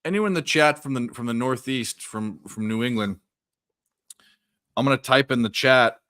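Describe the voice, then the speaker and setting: A man's voice: medium pitch, moderate pace, fairly bright tone, dry recording, clean studio sound. A man co-hosting a live sports betting stream, rambling and swearing, breaking off to react to the games. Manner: rambling, profane, jokey, stops to react to games. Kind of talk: casual live-stream chat. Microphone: desk microphone.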